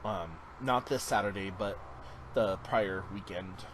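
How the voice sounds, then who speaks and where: A man's voice: deep voice, slow, fairly bright tone, slight background noise, poor audio. A man vlogging a casual check-in, talking in an earnest, encouraging way that drifts into tangents.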